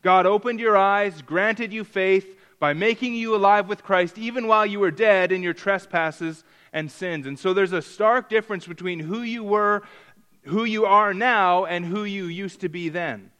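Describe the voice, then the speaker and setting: A male pastor preaching a sermon, teaching in a slow, emphatic way and repeating key phrases for stress. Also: sits high, sharp tone, smooth.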